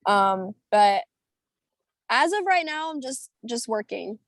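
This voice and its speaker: A young American woman, a singer in a video-call interview, tells meandering, animated stories brimming with fillers and giggles. She speaks slowly in a fairly high voice, and there's no room sound.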